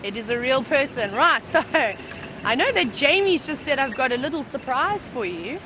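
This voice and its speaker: A woman guiding a live safari drive from a vehicle, bubbly and excited. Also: high voice, normal speed, noisy background. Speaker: safari guide and presenter. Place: open safari vehicle outdoors.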